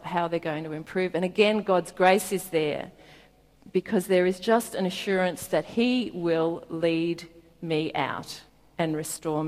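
Woman preacher, gentle and reflective, soft low-pitched voice, long hall reverb. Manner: gentle, reflective, laughs softly at times. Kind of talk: sermon with Bible reading.

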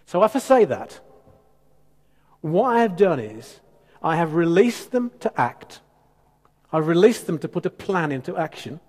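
A man preaching a sermon as pastor, emphatic and animated with conversational asides. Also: a little high, a little slow, long pauses, husky. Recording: long church hall reverb.

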